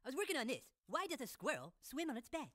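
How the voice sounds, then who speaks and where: An actor playing a cheerful young cartoon comedian who stammers on words. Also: male voice, extremely high pitch, wildly swooping pitch, fast, pushed and bright, exaggerated voice. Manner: stammers, repeats the start of words.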